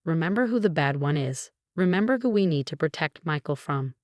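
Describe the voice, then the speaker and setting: A sly, cruel mother-in-law, as a woman narrator reads her lines in a low, dry voice. She taunts with a smug edge, in a narrated revenge story. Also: animated, brisk, a little mellow, dry recording. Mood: coaxing.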